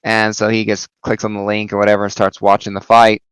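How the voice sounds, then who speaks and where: Rambling man reviewing comics, smooth dry voice. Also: on the low side, monotone, fairly quick, fairly bright tone, dry recording, low-quality recording. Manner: rambling recap full of "you know" and "uh". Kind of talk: casual video review.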